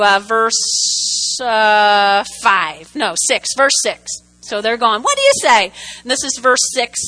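A woman preaching a sermon, animated and repetitive, often checking in with her listeners. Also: high voice, poor audio. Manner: animated, repeats for emphasis, checks in with "okay?".

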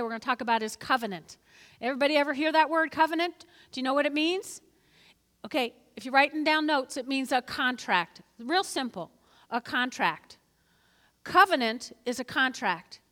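A woman pastor preaching a lively sermon in a church, prompting the congregation to repeat phrases back to her. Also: sits high, normal speed, big-room sound. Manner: lively, calls for congregation responses. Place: church sanctuary.

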